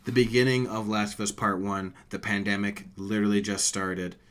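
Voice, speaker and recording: A man's voice: lowish voice, level tone, normal speed. A man in his thirties co-hosting a casual gaming podcast, emotional and swearing often. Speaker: podcast co-host.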